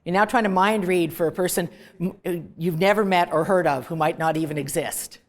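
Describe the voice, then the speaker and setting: A woman's voice: on the low side, moderate pace. A woman professor giving a direct, emphatic recorded lecture to students. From Canada. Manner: direct, emphatic, dismissive of clichés.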